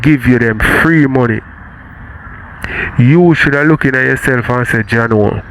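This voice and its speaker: A Jamaican man with a mid-pitched voice talks through advice in an easy, casual way, often checking that he is understood. A faint wash of background noise sits behind him. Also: creaky, a bit bright, low-quality recording. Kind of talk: casual advice-giving chat.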